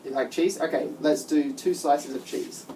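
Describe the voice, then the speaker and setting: A woman's voice: sits low, fairly even intonation, moderate pace. A woman teaching a child guitar one-on-one, giving patient step-by-step instructions and lots of praise. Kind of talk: one-on-one music lesson. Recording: distant mic with guitar playing.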